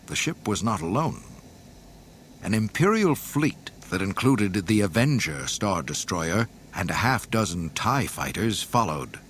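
A man reading a storybook aloud in a dramatic, expressive way. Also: lowish voice, unhurried, slight background noise. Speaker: narrator. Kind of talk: storybook narration.

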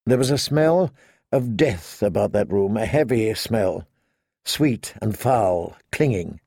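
Male fantasy audiobook narrator, measured, gravelly, dry close sound. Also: lowish voice, no echo. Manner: measured, even storytelling.

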